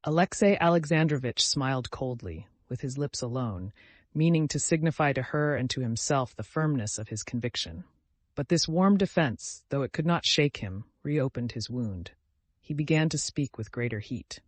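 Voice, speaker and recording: A male narrator reading a classic novel in an even, measured audiobook style into a close mic. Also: medium pitch, no room sound. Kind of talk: scripted narration.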